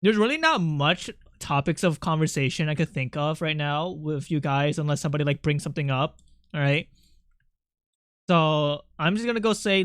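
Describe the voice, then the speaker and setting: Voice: medium pitch, a little fast, no room sound, studio quality. A streamer chatting casually with the audience while drawing, talking in a rambling, self-interrupting way and swearing freely. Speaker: streamer and artist.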